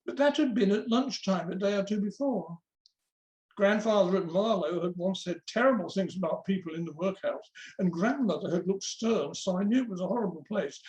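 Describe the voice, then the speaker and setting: A guest reader reads a memoir aloud in an easy, conversational storytelling manner. The voice sits at a middle pitch. The room adds a noticeable echo. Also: a little mellow. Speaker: guest reader at book launch.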